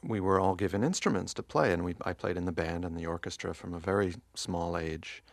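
A man with a very low voice and a gravelly edge talks quietly in an interview, often restarting his sentences. He is from New Jersey. The sound is dry and close. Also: fairly quick, no room sound. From Montclair, New Jersey. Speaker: guest musician. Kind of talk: casual interview chat.

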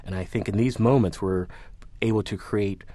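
Male academic guest with a very deep voice and a dry close mic. He is measured and analytical. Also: fairly even intonation, warm tone, dry recording. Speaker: professor, panel guest. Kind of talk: academic commentary.

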